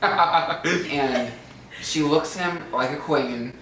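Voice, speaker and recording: Bright-toned young man telling stories. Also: medium pitch, slow pace, reverberant, distant mic, slight background noise, low-quality recording. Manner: animated storyteller, acts out quotes. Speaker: co-host. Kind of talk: casual chat.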